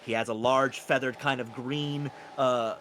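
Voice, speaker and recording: A man's voice: medium pitch, fairly even intonation, a little slow, a bit bright, a little hiss or hum. A man narrating a tabletop game as game master, describing scenes casually.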